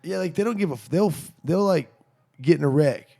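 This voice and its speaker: Gravelly guy ranting on a podcast, cusses a ton, low dark tone. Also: a little fast. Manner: blunt, swears a lot, animated ranting. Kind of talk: casual chat.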